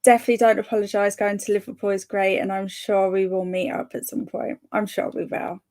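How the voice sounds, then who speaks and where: A young woman chats on her live reading stream in a bubbly, easygoing way. She reads viewers' comments aloud, laughs often and stumbles over a word here and there. Her pitch sits mid-range. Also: fairly even intonation, brisk, darkish tone. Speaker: livestream host of reading sprints.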